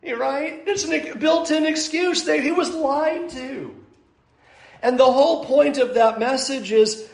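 Male preacher, high voice, emphatic and repetitive with dry sarcasm, roomy reverb. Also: measured pace, gravelly, darkish tone. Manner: emphatic, repeats key points, dry sarcasm. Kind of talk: sermon. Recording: roomy echo.

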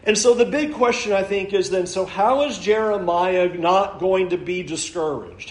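A man with a fairly high voice preaches a sermon in an echoey church room. He is earnest, slowing down to read scripture and pressing hard on the key lines. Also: a little mellow. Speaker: pastor.

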